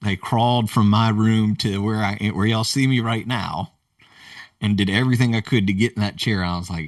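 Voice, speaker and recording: A man who is a leadership coach, telling a personal story in a podcast interview in an earnest, halting way, often quoting others. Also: on the low side, steady tone, no room sound, studio quality, distant mic. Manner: earnest, halting retelling with quoted dialogue. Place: remote video call.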